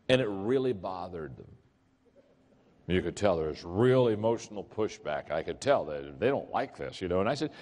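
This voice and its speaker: A man's voice: on the low side, sing-song, normal speed, a little mellow. An older man tells leadership stories to a big audience, his voice rising and falling in wide swings. He acts out every character he quotes. The long reverb of a large hall trails every line. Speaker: leadership speaker. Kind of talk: storytelling keynote talk.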